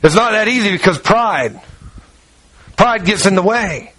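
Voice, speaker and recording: A man preaching a sermon, telling the story with lively energy and acting out the characters' lines as he walks around. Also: high-pitched, a little slow, a little hiss or hum, rough recording.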